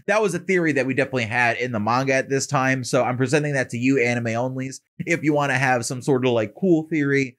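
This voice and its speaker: A man talks through an anime episode in casual reaction commentary. His voice is chatty and sprinkled with slang. The pitch swings widely in a middle register. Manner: animated and chatty, uses slang and tag questions. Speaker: anime reaction channel host.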